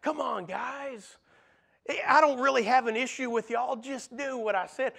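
Man preaching as an ancient king, proud, angry, high-pitched male voice. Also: measured pace, creaky, pushed and bright, full character voice. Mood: coaxing.

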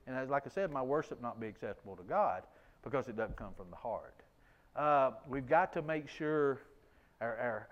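A man's voice: a little high, lo-fi sound. A man teaching a conversational Bible lesson, folksy and self-deprecating, often restarting his sentences.

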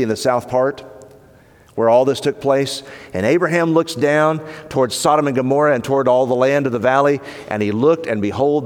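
A man preaching a sermon in an earnest, emphatic manner, slowing down to stress key points. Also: mid-range voice. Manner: earnest, emphatic, slows down for weight. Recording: long hall reverb.

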